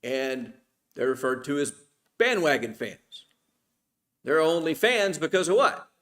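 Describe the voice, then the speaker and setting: A man's voice: on the high side, sing-song, unhurried, fairly bright tone. Middle-aged man teaching a Bible class. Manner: asks the class questions and answers them himself. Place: church.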